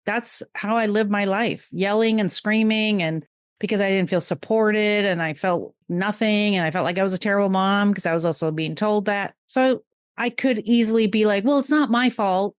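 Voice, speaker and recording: Middle-aged woman, podcast guest; heartfelt, rushing bursts, mid pitch, dry sound. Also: clear, resonant tone, dry recording. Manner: earnest, emotional, talks in quick bursts. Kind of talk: heartfelt conversational interview.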